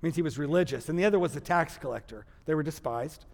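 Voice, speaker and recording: Animated Texan preacher in a hall. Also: male voice, a little high, quick pace. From Texas. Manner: animated, humorous storytelling preacher. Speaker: pastor. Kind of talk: sermon. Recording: long hall reverb.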